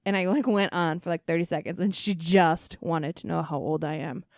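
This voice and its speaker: Her voice is fairly low and darkish, with a steady tone and a moderate pace, captured in studio quality with no room sound. She's a podcast host in her thirties leading a casual, chatty conversation, frequently laughing, self-deprecating, and leaning heavily on fillers.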